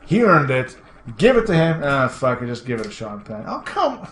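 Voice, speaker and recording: A man chatting casually while playing a game, rambling excitedly, laughing often and swearing casually. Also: medium pitch, moderate pace. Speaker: co-host of a retro gaming show. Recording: echoey room with faint background noise.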